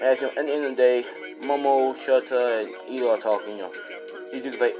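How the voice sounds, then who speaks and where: A man's voice: mid-range voice, quick pace. A man improvising a spoken fan story, rambling with lots of fillers, with music behind.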